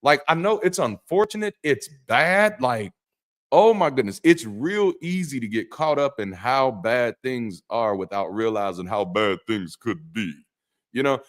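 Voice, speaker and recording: A man's voice: mid-range voice, unhurried. Man, former pastor, live call-in host, mid-range voice, emphatic preacher cadence, casual swearing. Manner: animated and emphatic, with preacherly turns of phrase and frequent restarts; blunt and slangy, swearing casually. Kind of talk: livestream monologue to chat.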